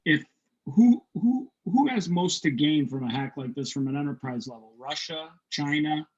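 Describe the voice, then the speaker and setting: A man hosting a podcast, chatting casually and joking while firing off quick questions. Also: on the high side, lively intonation. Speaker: podcast host. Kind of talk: casual chat. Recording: muffled lo-fi audio.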